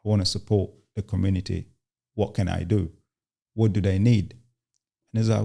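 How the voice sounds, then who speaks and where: A young man from Uganda, a guest in an interview, telling his story in a halting way with many restarts and quoted lines. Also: lowish voice, steady tone, gravelly, dark tone. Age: young adult.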